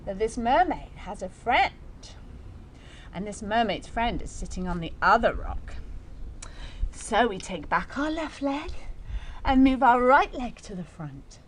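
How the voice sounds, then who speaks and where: A woman's voice: on the high side, very animated, a little slow, long pauses, a little hiss or hum. A woman teaching a yoga class for young children, giving playful, encouraging, story-like instructions.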